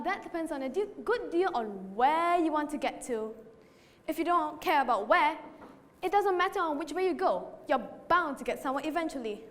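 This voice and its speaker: A student actress performing the Cheshire Cat as a playful, riddling stage monologue in a hall. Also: female voice, high-pitched. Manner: playful, teasing, theatrical. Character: sly riddling Cheshire Cat, grinning and teasing. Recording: reverberant hall.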